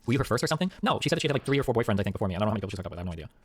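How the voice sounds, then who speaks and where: Man, streamer. Very quick, rambling, profane monologue at a desk mic. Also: lowish voice, sing-song, breathy edge, no echo. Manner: rambling, profane, repeats "okay?". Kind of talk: casual live-stream monologue.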